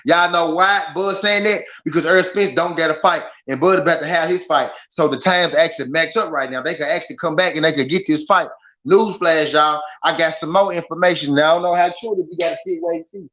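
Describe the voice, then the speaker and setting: A man with a Southern American accent hosting a casual boxing livestream, talking to his chat in an animated, repetitive way. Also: a little high, fairly quick. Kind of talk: casual live commentary. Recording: slightly dull lo-fi stream audio.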